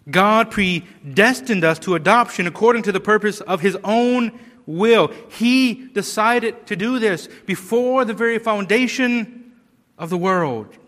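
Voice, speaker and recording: A man's voice: high-pitched, fairly bright tone, big-room sound. A man preaching a sermon, earnest and emphatic, with rhetorical questions and repeated words.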